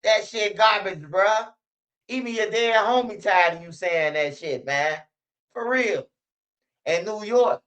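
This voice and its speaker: A man's voice: high voice, takes it slowly, fairly bright tone, rough recording. A man giving blunt, slangy commentary and mocking others with sing-song impressions. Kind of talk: ranting commentary.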